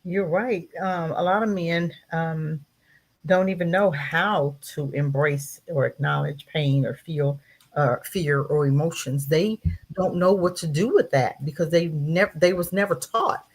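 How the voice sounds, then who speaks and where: A woman guest in a casual podcast discussion, animated, often acting out scolding voices. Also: a little slow, breathy edge. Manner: animated, acts out scolding voices high and loud.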